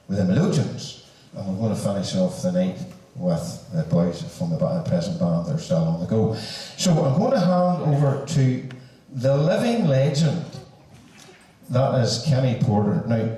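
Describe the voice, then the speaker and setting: A man's voice: on the low side, dark tone. A man with a Northern Irish accent compering a concert on stage, joking and chatty with the crowd. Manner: joking, chatty, puts on broad dialect. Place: large hall with live audience. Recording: echoey hall from far off.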